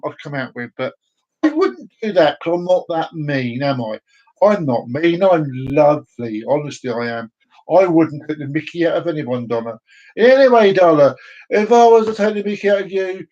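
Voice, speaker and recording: A man's voice: high voice, darkish tone, low-quality recording. A man talking in a rambling, teasing monologue for his video channel, with frequent restarts. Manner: teasing, chatty, many restarts. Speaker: vlogger.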